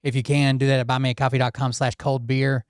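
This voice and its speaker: A man hosting a live-stream show in casual commentary, rambling and self-deprecating, his voice slightly hoarse. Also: mid-range voice, level tone, fast talker, dry recording, studio quality. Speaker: show host.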